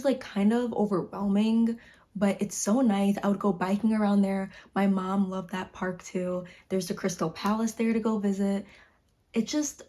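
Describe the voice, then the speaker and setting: This is a woman in her 20s from Chicago, United States, recording a casual talking-head vlog in her home during winter. Her mid-range voice is mellow, and she comes across as chatty and bubbly, leaning heavily on "like."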